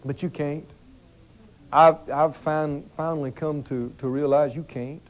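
A man's voice: on the high side, takes it slowly, long pauses, highs cut off, some chatter behind. A man preaching a sermon in an emphatic way, repeating his phrases and putting questions to the congregation.

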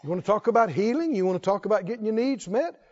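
A man's voice: sits high, lively intonation, fast talker, darkish tone. A man preaching a sermon, repeating key phrases and calling on the congregation to say them with him. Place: church hall. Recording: dull echoey church recording.

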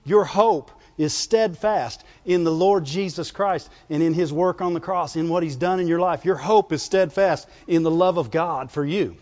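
A man's voice: a little high, moderate pace, few pauses, a little mellow, long reverb tail, lo-fi sound. A man preaching a sermon in a folksy, call-and-response way, asking the congregation to answer back.

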